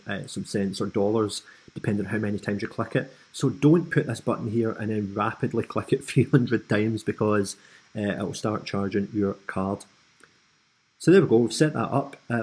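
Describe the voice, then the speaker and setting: A Scottish man from Scotland hosting a screen-recorded software tutorial, explaining in a casual, friendly way with frequent ums and asides. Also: medium pitch, slightly rough, rough recording. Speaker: tutorial host.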